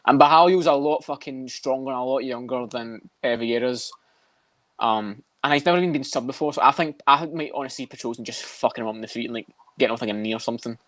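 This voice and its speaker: A man's voice: medium pitch, fast talker, a bit bright, no room sound. A man co-hosting a casual podcast, swearing often and laughing as he rambles. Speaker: podcast co-host. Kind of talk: casual chat about MMA.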